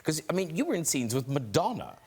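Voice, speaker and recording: A man's voice: fairly high pitch, huge pitch swings, quick pace, darkish tone, breathy edge. A middle-aged man with an Irish accent hosting a chat show, asking guests chatty, laughing questions. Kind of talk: interview questions. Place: television studio with live audience.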